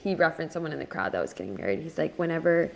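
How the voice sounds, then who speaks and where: A young woman co-host tells a story at chatty podcast pace, and her pitch rises and falls freely. She fills her talk with "like" and jumps higher whenever she quotes someone. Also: rapid-fire, vocal fry. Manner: animated, lots of "like" fillers, voice jumps up when quoting people. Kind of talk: casual storytelling chat.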